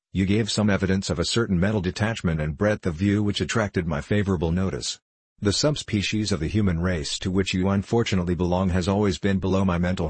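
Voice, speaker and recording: A booming, arrogant old professor holds forth in a pompous, lecturing way, as a male reader puts him on. The voice sits very low and sounds husky. The recording is dry and close. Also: a little mellow, no room sound. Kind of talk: audiobook reading.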